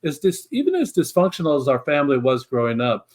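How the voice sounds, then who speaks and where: A man's voice: a little high, very animated, fast talker, darkish tone. A middle-aged man, a guest in an interview, telling his story in an earnest, reflective way with frequent restarts. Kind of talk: conversational storytelling.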